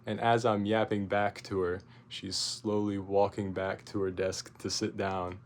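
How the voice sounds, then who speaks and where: A young man telling a rambling, profane story in a casual vlog, full of fillers and restarts, getting loud and animated as he retells his outburst. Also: fairly low pitch, unhurried. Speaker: vlogger.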